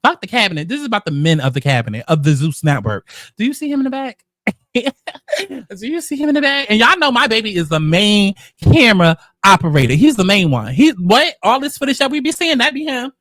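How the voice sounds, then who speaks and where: A man hosting casual reality-show commentary, telling the story in a sassy, profane, animated way. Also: high-pitched, a little fast, no room sound, studio quality. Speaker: commentary host.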